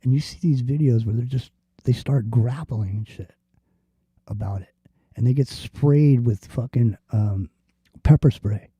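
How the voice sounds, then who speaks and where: A man's voice: mid-range voice, measured pace, warm tone, husky, no room sound. A man hosting a casual talk show, rambling and swearing freely, with lots of fillers and restarts. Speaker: podcast host. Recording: dull lo-fi sound.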